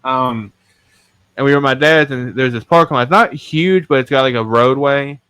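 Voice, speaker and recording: A man's voice: medium pitch, moderate pace, bright, forceful tone, clean tone. A man hosting a podcast, telling stories in a casual, rambling, self-mocking way and swearing freely. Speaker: podcast host.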